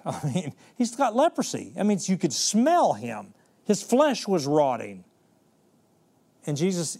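A man preaching a sermon, reading scripture slowly and retelling the story in vivid everyday words. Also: high-pitched, very animated, darkish tone.

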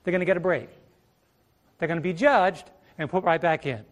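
A man's voice: fairly high pitch, a little fast, dull audio. A middle-aged man preaching a sermon from a stage, emphatic, throwing rhetorical questions at the congregation and drawing out key words. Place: church stage. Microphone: stage microphone.

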